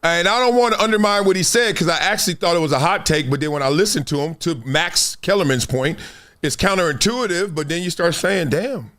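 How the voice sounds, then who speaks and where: A man hosting a sports talk stream in a casual, slangy, animated way, laughing often. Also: high voice, brisk. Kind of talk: casual live-stream commentary.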